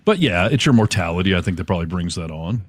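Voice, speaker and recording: Man, around fifty, radio guy, fast talking, low, wry. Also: expressive, no room sound. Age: 50s. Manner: quick, wry, joking. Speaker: podcast co-host, radio host. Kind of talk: casual chat.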